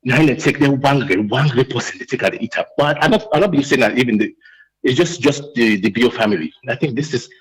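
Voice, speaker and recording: Agitated husky Sierra Leonean man. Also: medium pitch, poor audio. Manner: agitated, emotional, halting with many restarts. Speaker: radio call-in caller. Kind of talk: impassioned call-in rant.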